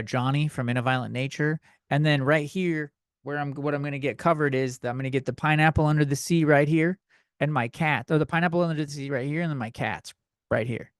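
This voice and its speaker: This is a comedy podcast host, a young man with a fairly high-pitched voice, going off on a rambling, profane rant. He seems slightly drunk and a touch breathless. It's captured in studio quality with no room sound.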